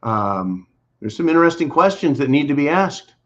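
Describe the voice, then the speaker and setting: A man's voice: on the high side, big pitch swings, moderate pace. Blunt, combative man ranting. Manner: blunt and combative, swears, sarcastic. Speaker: political commentary host. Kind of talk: angry monologue to viewers. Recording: dull lo-fi audio.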